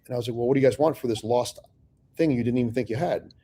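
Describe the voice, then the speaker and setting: A middle-aged man spins a long personal story in a relaxed podcast chat. His voice is mellow and warm at an ordinary pitch. He swears often and slips into other people's voices as he quotes their words. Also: racing. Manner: profane, animated storyteller acting out dialogue. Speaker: real estate investor telling his story.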